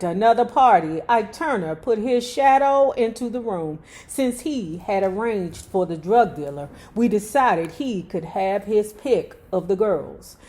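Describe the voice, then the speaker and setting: A woman's voice: mid-range voice, darkish tone. A woman reading a memoir aloud at her own pace, breaking off for blunt, profane asides. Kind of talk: book reading with casual commentary.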